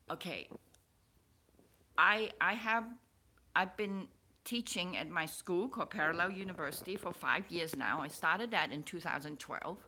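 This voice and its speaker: Slow-talking, emotional woman vlogger. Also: on the low side. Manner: rambling, restarts and repeats words, excitable. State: emotional, stirred up. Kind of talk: personal vlog, emotional monologue.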